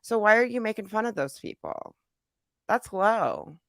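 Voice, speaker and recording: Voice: mid-range voice, lively intonation, a little slow, gravelly, fairly bright tone, dry recording, clean studio sound. A reaction video host commenting indignantly on a played clip and asking aloud why people behave so badly. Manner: indignant, talking back at the clip.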